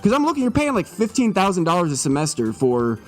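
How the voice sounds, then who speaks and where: Animated joking male streamer, slightly tipsy. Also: high-pitched, fast, faint music behind. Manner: joking, swearing, mock-serious. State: a little tipsy. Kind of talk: comedic live-stream monologue.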